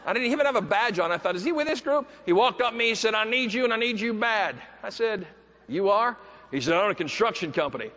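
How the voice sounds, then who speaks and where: High, bright-voiced man giving a keynote. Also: fast talker. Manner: animated, acts out quoted voices, bursts into shouts. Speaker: motivational keynote speaker. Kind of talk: storytelling keynote speech. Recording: echoey hall, faint background noise.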